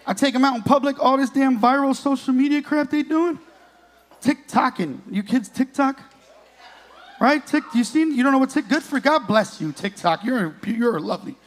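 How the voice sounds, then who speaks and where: Brash high-voiced man doing stand-up. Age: 30s. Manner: brash, profane, crowd-teasing. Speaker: stand-up comedian. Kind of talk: stand-up comedy set. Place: comedy club stage.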